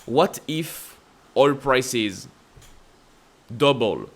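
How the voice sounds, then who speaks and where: A man with a French accent hosting casual stock-market commentary, asking emphatic rhetorical questions and jumping up in pitch to stress points. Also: expressive, very slow, fairly bright tone. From France. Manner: emphatic, repetitive rhetorical questions with sudden upward pitch leaps. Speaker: investing channel host.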